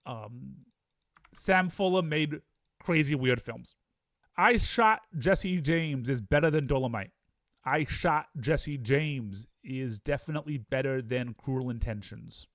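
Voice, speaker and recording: A man's voice: mid-range voice, takes it slowly, fairly bright tone, dry recording, clean studio sound. A man talking casually and with enthusiasm as he ranks films, weighing each one aloud against the others. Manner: chatty, enthusiastic, debates rankings aloud with himself. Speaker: film reviewer. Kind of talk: casual film-ranking monologue.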